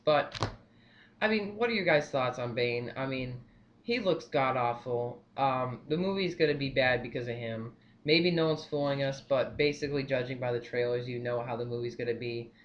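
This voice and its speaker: A young man talks through his opinions in a loose, excitable ramble, circling back on his points. The recording sounds dull and lo-fi, with a faint hum of room noise underneath. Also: medium pitch, normal speed. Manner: rambling, repeats "I mean", excitable. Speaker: vlogger. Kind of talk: casual opinion vlog.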